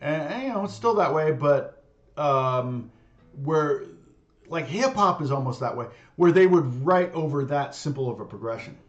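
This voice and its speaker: Man, middle-aged, guitar teacher, casual rambling chat, slightly high voice, lots of fillers. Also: animated, normal speed, lo-fi sound. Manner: rambling, many fillers and restarts, laughs often.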